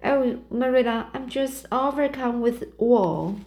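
A tearful young girl pours out her troubles in a slow, halting way, read aloud by a woman. The voice lifts a little higher than plain speech. It is a storybook reading. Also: a little mellow. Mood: woeful. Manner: sobbing out a tale of woe, stumbling over words.

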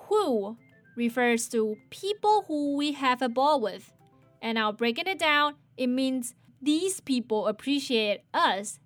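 A woman hosting a casual English lesson, playful and animated, modeling sentences slowly and repeating them. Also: high voice. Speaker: English teacher.

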